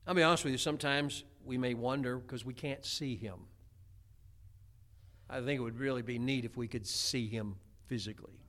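A man's voice: mid-range voice, normal speed, a bit bright. A middle-aged man preaching a homespun sermon, chatty, with many stammered restarts. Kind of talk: folksy sermon.

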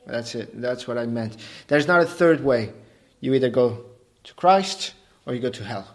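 A man preaching a sermon, emphatic and repetitive, asking the congregation rhetorical questions and building to forceful peaks. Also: mid-range voice, lively intonation, moderate pace. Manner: emphatic, rising to forceful peaks, repeats phrases.

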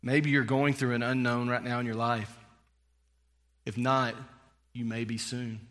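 Male pastor, casual storyteller, forceful bright tone, reverberant church hall. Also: medium pitch, little pitch movement, a little slow. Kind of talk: sermon with personal story.

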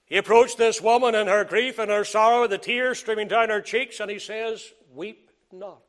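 High-voiced man preaching a sermon. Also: steady tone, moderate pace. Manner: swings from loud emphatic preaching to hushed near-whispers; old-fashioned scriptural phrasing, repeats lines for emphasis.

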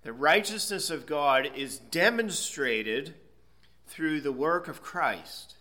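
A man teaching a Bible lesson in a bright, sharp voice pitched a little high. He explains things step by step, pausing to check with "okay?" as he goes. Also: expressive. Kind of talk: expository Bible lecture.

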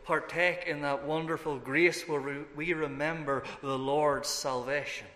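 A man's voice: fairly high pitch, fairly even intonation, a little slow, pushed and bright. A man preaching a sermon as pastor, emphatic and building through repeated phrases. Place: church sanctuary. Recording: echoey hall reverb.

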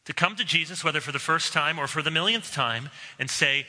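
A man preaching a sermon as a pastor, earnest and emphatic, with slow dramatic pauses. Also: fairly high pitch, pushed and bright. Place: church sanctuary. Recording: long reverb of a large hall.

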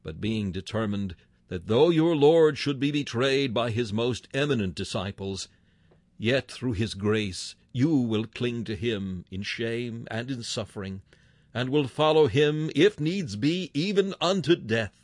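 A man reads a sermon in formal, old-fashioned phrasing. His delivery is solemn and swells into emphatic declamation. His voice sits at a middle pitch, and the recording is dry and close. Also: lively intonation, measured pace, a little mellow, no echo. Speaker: preacher. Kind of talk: reading a sermon aloud.

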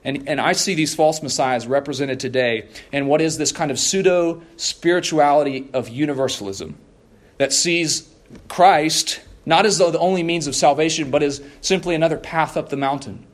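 Earnest and measured, this slightly high-voiced man preaches a sermon, driving home key phrases by repeating them. Now and then he trips over a restart.

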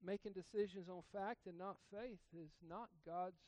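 High-voiced man preaching emphatically. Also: steady tone, a little slow, no echo. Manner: emphatic preaching with rhetorical questions and sudden loud bursts. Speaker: pastor. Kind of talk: sermon.

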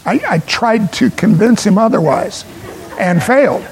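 A man preaching a sermon as pastor, earnest and emphatic, with pauses for stress. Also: high-pitched, animated, creaky, low-quality recording.

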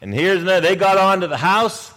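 A man preaching a sermon as pastor in a church, animated, acting out scripture scenes in voices. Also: sits high, fast, long reverb tail.

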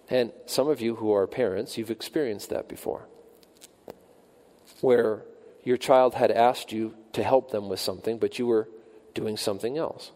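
A man preaching a sermon, rising and slowing for emphasis when he voices the psalmist's cries. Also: warm tone, big-room sound. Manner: rises in pitch and volume when quoting the psalmist's cries, slows for emphasis. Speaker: pastor.

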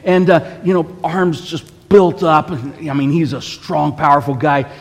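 A pastor preaching a sermon in a church, his slightly raised voice carrying a long reverb through the hall. He tells his story conversationally, often pausing to ask the congregation "okay?". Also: fairly high pitch, fairly even intonation. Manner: storytelling with frequent "okay?" asides.

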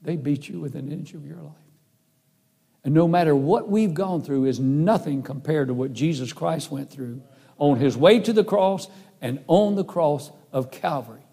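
A man's voice: on the high side, moderate pace, creaky, mellow, slightly rough. A middle-aged man preaching a sermon in an earnest, folksy, emphatic way. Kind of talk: sermon with personal story.

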